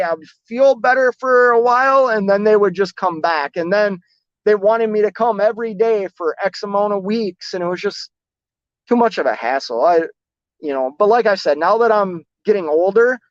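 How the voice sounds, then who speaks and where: A man's voice: sits high, no echo. Man, trucker streamer, casual live chat, rambling, self-deprecating, dull lo-fi audio. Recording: dull lo-fi, dry close sound.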